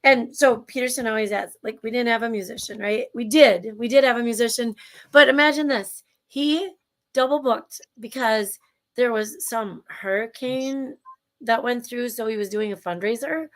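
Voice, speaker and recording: A woman with a Minnesotan accent talks in a fairly high voice, rambling warmly with lots of restarts. She co-hosts a casual livestream from a video call. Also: normal speed. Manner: chatty and enthusiastic, rambling with restarts. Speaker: show co-host.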